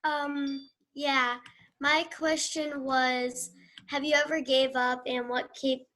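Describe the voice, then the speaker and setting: A woman's voice: high-pitched, little pitch movement, slow, sharp tone. A woman asking a question as a participant, speaking hesitantly with restarts.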